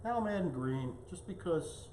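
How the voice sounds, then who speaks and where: Guy doing a home cooking show, kinda high voice, chatty, echoey kitchen. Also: animated, normal speed, a little mellow, slight background noise. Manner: chatty, talks while tasting and plating. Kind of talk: casual cooking demonstration.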